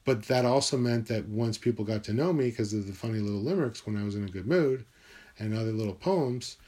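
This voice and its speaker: A man's voice: lowish voice, brisk, a little mellow. Meandering man musing alone. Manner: musing, meandering, swears freely. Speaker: vlogger. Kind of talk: rambling solo monologue. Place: his own room.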